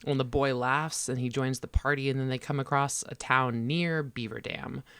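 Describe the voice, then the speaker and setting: A man's voice: medium pitch, fairly even intonation, normal speed, fairly bright tone, smooth. A man co-hosting a podcast, casually retelling a book's plot in long run-on summaries. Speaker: podcast co-host. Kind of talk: casual book discussion.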